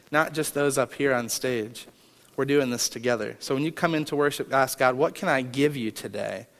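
Earnest man preaching in a big hall. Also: medium pitch. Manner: earnest, repeats key phrases, swings from loud to hushed. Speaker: worship leader. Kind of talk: sermon. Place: large church sanctuary. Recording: long hall reverb, faint music.

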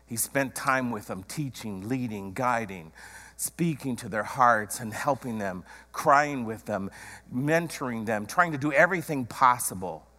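Male pastor, sermon; bright, tense tone, repetitive and emphatic, reverberant hall. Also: mid-range voice, a little slow. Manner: repetitive, emphatic preaching with rhetorical questions.

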